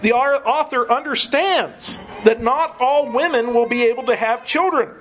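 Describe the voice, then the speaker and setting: High-voiced man preaching a sermon. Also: moderate pace, a bit bright, slight background noise, poor audio. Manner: earnest teaching with frequent chuckles.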